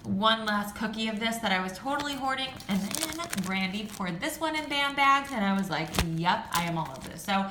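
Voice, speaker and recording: A woman's voice: fairly high pitch, animated, normal speed, hardly any pauses, roomy sound, background noise. A young woman chatting casually through a product review, gushing and full of fillers. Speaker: beauty and home vlogger.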